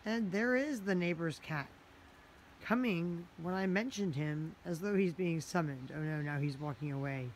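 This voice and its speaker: A woman's voice: on the low side, moderate pace, slight background noise. A woman vlogging outdoors by her house, chatty and exasperated, with lots of "like" fillers as she retells her day. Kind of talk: casual vlog narration.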